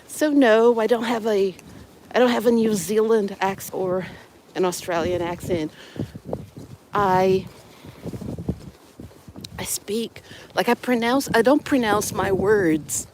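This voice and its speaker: A woman vlogging outside on her phone, talking in a chatty, playful way and explaining with examples. Her voice sits at a medium pitch. Traffic and wind come through clearly behind her. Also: darkish tone, poor audio. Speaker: vlogger and English educator. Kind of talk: casual vlog talk to camera. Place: outdoors in the snow, on a street with traffic. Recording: outdoor phone recording with clear street noise. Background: passing vehicles and wind.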